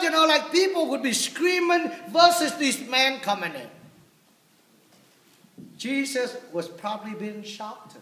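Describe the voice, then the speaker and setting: Animated priest in an echoey church. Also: male voice, very high voice, measured pace. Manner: animated storytelling with humor, shifting loud and soft. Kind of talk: homily.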